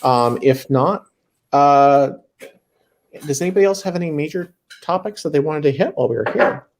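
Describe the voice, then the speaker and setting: A man's voice: a little high, lively intonation, moderate pace. A man moderating an online panel, friendly and joking, with a few fillers as he calls for questions. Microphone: video call.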